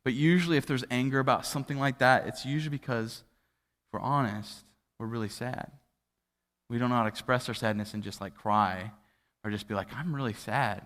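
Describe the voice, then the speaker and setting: A man preaching a sermon as a pastor, telling a family story in a loose, conversational way with many fillers and restarts, and falling to a near hush at the tender parts. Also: mid-range voice, fairly even intonation, brisk. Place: church auditorium. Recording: livestreamed with long hall reverb.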